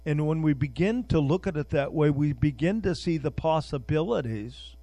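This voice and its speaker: In a mellow voice on the high side, an older man preaches casually at a moderate pace, repeating words while hunting for the right ones and folding a prayer into his sermon. There's no room sound.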